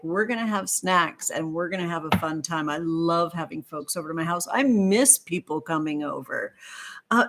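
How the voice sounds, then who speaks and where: A woman hosting a tarot livestream, chatting warmly with viewers and gushing over their comments with pet names. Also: mid-range voice. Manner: effusive, gushing, calls viewers sweetheart. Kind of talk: live-stream chat with viewers.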